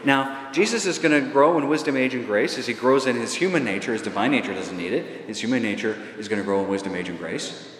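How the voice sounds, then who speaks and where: A priest preaching a sermon to his congregation. His delivery is lively, rising into emphatic runs, with filler uhs between thoughts. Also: mid-range voice. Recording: echoey church hall, faint ambience.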